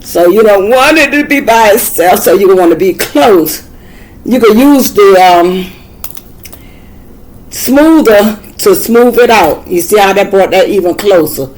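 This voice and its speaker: A woman's voice: medium pitch, lively intonation, measured pace, darkish tone, rough recording. An older woman with a Southern US accent giving a casual, folksy how-to demonstration, chatting and repeating herself as she works. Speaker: craft tutor.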